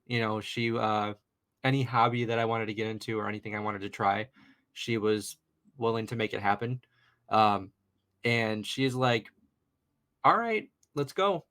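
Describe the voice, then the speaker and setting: A man's voice: on the low side, fairly bright tone. Chatty young man telling a ghost story. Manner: chatty, rambling, lots of fillers and "you know". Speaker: guest paranormal investigator. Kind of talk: casual storytelling in a podcast interview.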